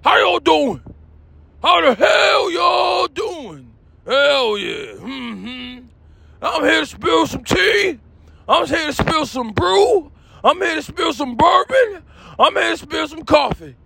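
A man hosting a comedy bit, ranting in a loud, hyped, shouting delivery. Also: very high-pitched, big pitch swings, slow pace, vocal fry. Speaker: comedy host. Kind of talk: comedy rant.

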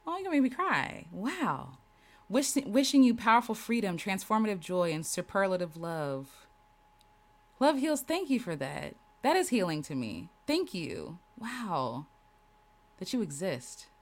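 A woman's voice: on the low side, very animated, unhurried. A woman hosting a casual livestream, reading viewers' comments aloud and answering them with affirmations and laughter. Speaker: host reading live chat.

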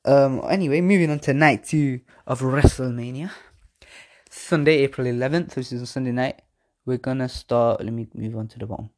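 A man hosts a podcast of casual wrestling predictions, rambling along with slang, swearing and laughs at his own expense. His mid-range voice has a darkish tone, fairly even intonation and a normal speed.

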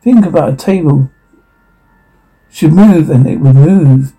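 A man's voice: fairly high pitch, unhurried, warm tone, slightly rough, faint music behind, poor audio. A man reading as an intense young visionary teacher. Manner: intense, insistent lecturing. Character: intense young male teacher, obsessed with mind power. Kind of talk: amateur reading of a radio play.

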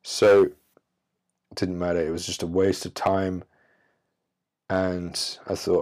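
Male solo podcaster, blunt and preachy, lowish pitch. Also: little pitch movement, takes it slowly, pauses often, darkish tone. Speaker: podcast host.

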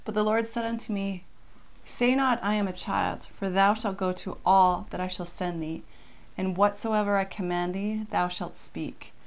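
A woman co-hosting a casual scripture lesson, reading verses aloud and talking them through in a relaxed, conversational way. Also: medium pitch, normal speed. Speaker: co-host of a scripture study.

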